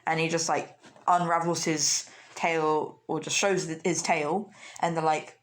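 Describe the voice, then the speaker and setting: A woman's voice: sits low, little pitch movement, unhurried. A woman casually retelling a fan story, rambling with lots of fillers and giggles.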